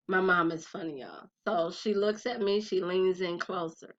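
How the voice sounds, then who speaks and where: A young adult woman telling a personal story in a casual vlog, talking straight to her viewers in a chatty, animated way. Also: fairly low pitch, normal speed, few pauses. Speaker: vlogger. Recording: slightly dull lo-fi recording.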